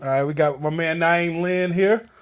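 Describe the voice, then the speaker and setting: A man co-hosting a podcast in a studio, joking and bantering with quick casual talk. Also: fairly high pitch, clear, resonant tone. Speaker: podcast co-host.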